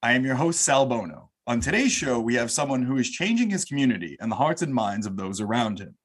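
A man with a New York accent hosts a casual podcast interview in an effusive, welcoming way. His voice is husky, sitting at an ordinary middle pitch. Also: animated, brisk. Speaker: podcast host.

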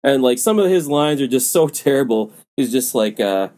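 A man's voice: lively intonation, normal speed, dark tone. A young man co-hosting a casual podcast, sarcastic and crude as he picks apart a movie. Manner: crude, sarcastic, mocks voices in high squeaks. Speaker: podcast co-host.

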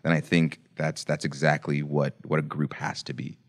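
Low-voiced male co-host, loose storyteller who acts out quotes. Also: flat delivery, moderate pace, creaky. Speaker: podcast co-host. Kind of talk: casual chat.

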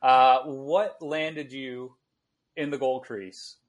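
A man's voice: medium pitch, drawn-out words, lo-fi sound. Podcast host, man from Chicago, easygoing and conversational. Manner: conversational, relaxed storytelling. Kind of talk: casual interview chat.

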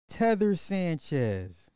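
Podcast host, male, mellow voice in a dry room, needling and repetitive. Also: fairly high pitch, smooth, no room sound. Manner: repeats rhetorical questions, mocking and chuckling. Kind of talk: casual social commentary monologue.

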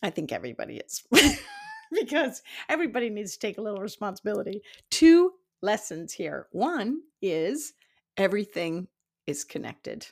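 A woman in her fifties, a psychic development teacher, telling a personal story in casual talk, animated, laughing often and acting out what people said. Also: medium pitch, normal speed, vocal fry. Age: 50s. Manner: animated, laughs often, acts out quoted dialogue.

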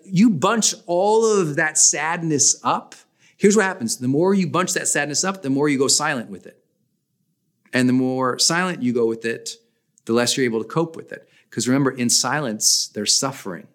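A man's voice: medium pitch, fairly bright tone. A man hosting a podcast, giving motivational talk with emphatic stress that jumps up on key points. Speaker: podcast host.

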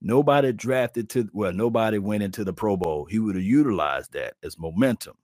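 Man, low voice, dry close sound, animated sports chat, talks right to viewers. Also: fairly quick, no echo. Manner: animated, folksy, addresses the audience directly. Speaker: sports talk channel host.

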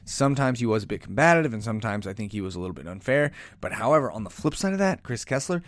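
A man's voice: lowish voice, sing-song, fast talker, no echo. A man hosting a podcast, giving a casual solo commentary that rambles, with sighs, restarts and self-corrections. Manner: says he is aggressive and in your face. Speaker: podcast host.

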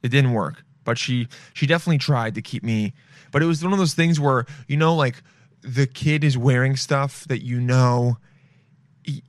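A man's voice: mid-range voice, normal speed, no room sound. Rambling, sniffly young man, dry close sound. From Los Angeles. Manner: rambling, swears freely, calls listeners "dude". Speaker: podcast host. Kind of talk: casual solo chat.

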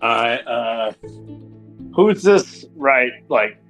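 A man's voice: mid-range voice, expressive, fairly bright tone, faint music behind. A man playing a tabletop role-playing game, speaking hesitantly with restarts as he plans his turn. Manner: hesitant, halting. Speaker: player. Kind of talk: casual tabletop game play.

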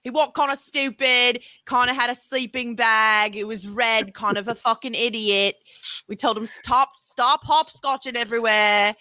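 A woman's voice: a little high, fairly even intonation, normal speed, pushed and bright, no room sound. A woman co-hosting a podcast, throwing in blunt, profane quips. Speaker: podcast co-host. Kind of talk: casual podcast banter.

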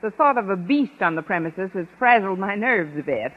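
An actress playing a quick-witted, flustered English teacher in a 1950s radio sitcom. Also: female voice, medium pitch, animated, lightly acted. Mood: playful. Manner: wisecracking, flustered, giggly. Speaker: schoolteacher. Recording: muffled old radio broadcast with audience.

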